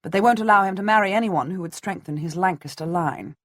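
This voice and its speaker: A woman reading an audiobook, voicing a blunt, matter-of-fact middle-aged nobleman, the heroine's husband, with a husky voice. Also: mid-range voice, fast talker, no echo, studio quality, natural voice.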